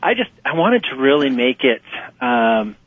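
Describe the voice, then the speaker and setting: Over a muffled phone line, a husky man with a mid-range voice answers interview questions conversationally at normal speed, with no echo. He's an author and nonprofit fundraising guest who stays animated, laughs often, and acts out quotes in a raised voice.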